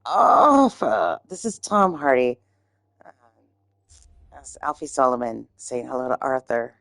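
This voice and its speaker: Woman streamer, low pitch, slightly hoarse, loose rambling chat with swearing. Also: expressive, measured pace, no echo. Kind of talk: casual chat.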